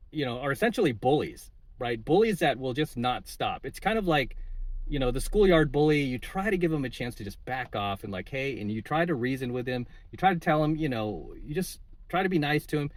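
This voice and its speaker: Speaking to camera on his channel of coaching videos, a man goes on an indignant, casual political rant peppered with "right?", "uh", and "like". His voice is medium in pitch, recorded without any room sound.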